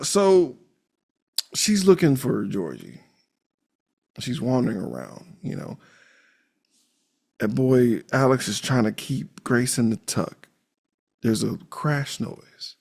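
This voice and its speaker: Husky, animated man recapping a movie. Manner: animated, profane, acts out characters' lines with big pitch jumps. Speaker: podcast co-host. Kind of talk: casual movie recap chat.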